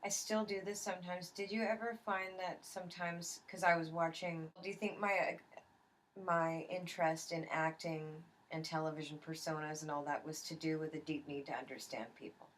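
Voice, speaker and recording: A woman's voice: low-pitched, normal speed, slight background noise, low-quality recording. A young woman interviewing her mother in a casual family chat, telling stories with lots of restarts and acted-out quotes. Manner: animated storytelling, acts out quoted voices, many restarts. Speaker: interviewer, adult daughter.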